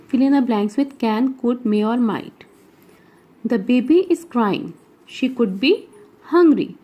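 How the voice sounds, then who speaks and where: A woman's voice: sits high, highs cut off. A woman with an Indian English accent, teaching an English grammar lesson as she works through exercises aloud and explains each answer step by step. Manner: explains step by step, with frequent checking asides.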